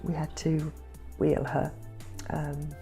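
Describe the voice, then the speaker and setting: A woman vlogger recounting her family estrangement in an emotional, halting way, repeating words when upset and close to tears at times. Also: low-pitched, monotone, vocal fry, dark tone, faint music behind. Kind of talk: personal storytelling.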